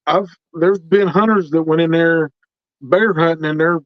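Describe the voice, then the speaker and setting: A man's voice: on the high side, normal speed, dry recording. A middle-aged man telling stories in casual talk, acting out the other people in each exchange. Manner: animated, quotes other people in dialogue. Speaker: interview guest telling his experiences. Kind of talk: casual storytelling. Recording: dull lo-fi recording.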